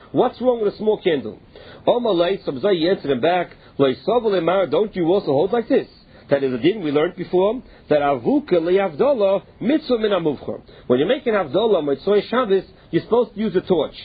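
A man's voice: sits high, breathy edge. A man teaching a Talmud passage. He reads each Aramaic phrase and then restates it in plain English. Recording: tinny phone-line sound.

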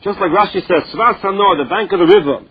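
A man's voice: sits high, fast talker, husky. A man teaching a Talmud lesson, reading each phrase and then explaining it in plain words. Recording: dull lo-fi recording.

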